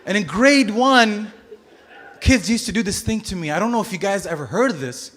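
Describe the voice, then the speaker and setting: A man in his thirties from Bahrain performing a stand-up comedy set, telling stories with sudden loud outbursts and acted-out voices. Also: sits high, lively intonation, moderate pace. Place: comedy stage before a live audience.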